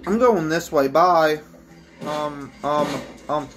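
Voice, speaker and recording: A woman giving let's-play commentary, excitable, swinging from low mutters to shrieks and screams. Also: slow, soft background music. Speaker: gamer.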